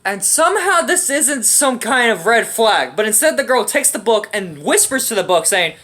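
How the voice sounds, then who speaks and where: A young woman tears into a film in a casual, profanity-laced rant full of sarcasm. Her voice is bright and fairly high, swinging widely in pitch as she riffs. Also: sing-song, normal speed, few pauses, slight background noise. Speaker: movie reviewer. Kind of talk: casual comedic movie rant.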